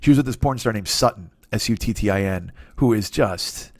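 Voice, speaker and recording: A man in his forties rattles through a crude solo comedy riff at a quick clip. He keeps cutting himself off and tossing in brief silly voices. The sound is dry and close, with no room around it. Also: lowish voice, no room sound. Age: 40s. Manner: rambling, crude, self-interrupting, acts out quick voices. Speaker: comedy podcast host. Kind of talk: solo comic monologue.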